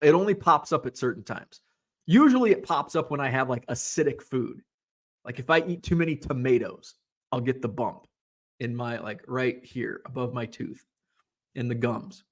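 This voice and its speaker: A man's voice: medium pitch, normal speed. A man in his forties, a hobby show host, telling a rambling, self-mocking story in casual chat and swearing now and then. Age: 40s.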